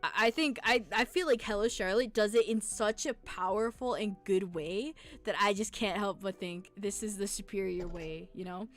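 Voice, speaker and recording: A young adult woman streaming a game, chatting casually in an excitable, slangy way and quick to laugh and groan. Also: medium pitch. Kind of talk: casual live-stream gameplay commentary.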